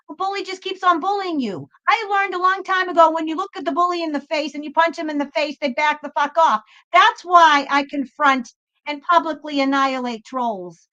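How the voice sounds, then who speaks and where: A woman with a high, sharp voice delivers an unscripted spiritual pep talk. She is blunt and emphatic and swears without holding back. The recording sounds a little dull and lo-fi. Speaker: tarot reader and spiritual channel host.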